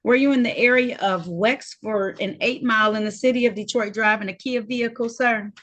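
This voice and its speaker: Brief: woman judge on a video call, slightly high voice, firm and blunt. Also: brisk, a bit bright. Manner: firm, direct, scolding. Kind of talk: court hearing.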